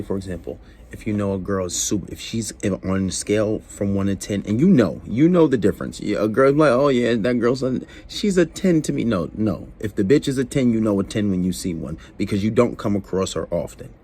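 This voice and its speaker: A man's voice: sits low, warm tone, slight background noise. A man giving casual dating advice to camera, rambling with many fillers and acting out both sides of conversations.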